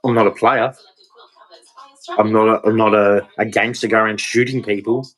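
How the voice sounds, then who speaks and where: A man's voice: lowish voice, fairly even intonation, normal speed, a bit bright, poor audio. An Australian man with a blunt, profane, confrontational manner, ranting in a monologue to camera. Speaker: vlogger.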